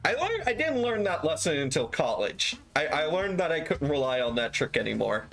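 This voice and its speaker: A man's voice: on the high side, sing-song, normal speed, creaky, a bit bright, faint music behind. A young man livestreaming, telling casual stories animatedly, swearing freely and acting out quoted lines. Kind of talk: casual storytelling on stream.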